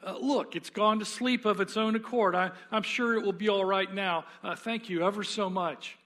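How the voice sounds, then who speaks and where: A man's voice: high voice, normal speed, a bit bright. A man putting on a stammering, panicky male ghost. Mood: evasive. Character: frightened, whining male ghost clinging to his sin.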